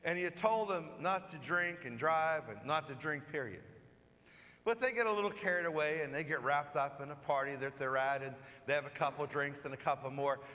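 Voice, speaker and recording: A man's voice: on the high side, fairly quick, sharp tone. A man preaching a sermon as a pastor, telling stories in a conversational way and acting out the quoted lines. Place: church. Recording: long church reverb.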